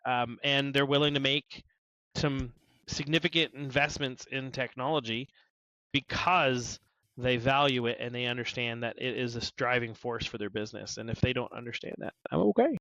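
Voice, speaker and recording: A man's voice: medium pitch, normal speed, bright, forceful tone, no room sound, muffled recording. A man co-hosting a podcast in an easygoing, matter-of-fact way. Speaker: podcast co-host. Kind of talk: casual podcast chat.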